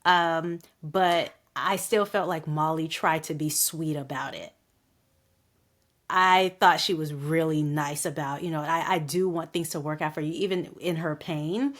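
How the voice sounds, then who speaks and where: A woman's voice: sits low, fairly even intonation, a little slow, fairly bright tone. Opinionated woman podcast co-host. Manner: candid, opinionated, laughs often. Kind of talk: casual recap chat.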